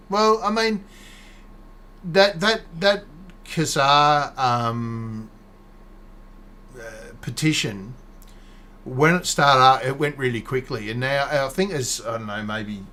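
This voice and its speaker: A man's voice: mid-range voice, takes it slowly, bright, forceful tone. A man hosting a casual online chat show, talking in a rambling way, laughing often and restarting his sentences. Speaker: podcast host. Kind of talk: casual video-call chat.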